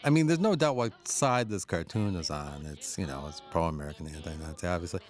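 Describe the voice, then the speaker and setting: A man's voice: low-pitched, lively intonation, fairly quick, soft background music. A man giving a chuckling, enthusiastic audio commentary on an old cartoon, sharing anecdotes as he goes. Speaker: film commentator.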